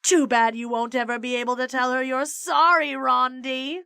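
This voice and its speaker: A woman's voice: sits high, flat delivery, normal speed, sharp tone, smooth, dry recording, studio quality. A woman voicing a sinister male teacher who mocks his pupils in stolen voices. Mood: sneering. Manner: mocking, sneering.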